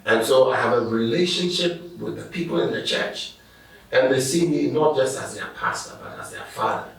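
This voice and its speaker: A man's voice: medium pitch, very animated, normal speed, creaky. A middle-aged man, a pastor telling stories and laughing as he answers interview questions. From Ghana. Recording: echoey room, distant mic.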